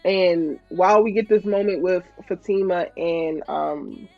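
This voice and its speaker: A woman's voice: fairly low pitch, measured pace, gravelly, no room sound, soft background music. Woman, recap host, exasperated chatty delivery, dry lo-fi track. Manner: animated, exasperated, reads viewer comments. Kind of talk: casual recap commentary.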